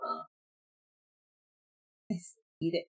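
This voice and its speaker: A woman in her forties chatting casually on a live stream, telling stories in an animated way and laughing often. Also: takes it slowly. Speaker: streamer and comic artist.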